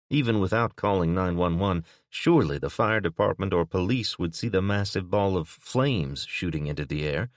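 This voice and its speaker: Deep-voiced man narrating an audiobook. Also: normal speed, few pauses, no echo, clean studio sound. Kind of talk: scripted narration.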